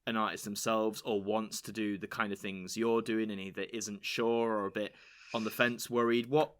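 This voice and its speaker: Chatty English host with a bright voice. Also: male voice, moderate pace. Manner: chatty, animated, jumps into high-pitched quoted voices. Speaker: podcast host. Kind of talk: casual interview chat.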